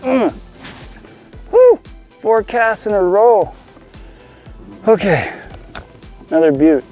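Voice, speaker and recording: A man's voice: high voice, very animated, slow pace, muffled recording, soft background music. A man on a kayak fishing, exclaiming giddily and laughing at each catch. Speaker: angler filming a fishing video. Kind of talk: excited outdoor fishing chatter. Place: on a kayak on a lake outdoors.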